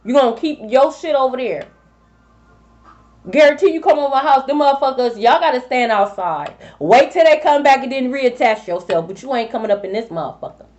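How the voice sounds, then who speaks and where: A high-voiced woman gives a casual tarot reading for viewers, blunt, profane and animated as she talks straight to them. The lo-fi recording sounds slightly dull.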